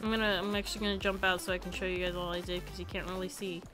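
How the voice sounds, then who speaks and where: A woman's voice: lowish voice, level tone, racing, music in the background. A young woman live-streaming a building game, chatting casually and giggling often.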